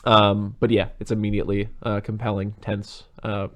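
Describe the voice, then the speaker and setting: A man with a fairly low voice talks through a movie in casual podcast chat. He rambles, drops in plenty of fillers and swears freely. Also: monotone, normal speed. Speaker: podcast co-host.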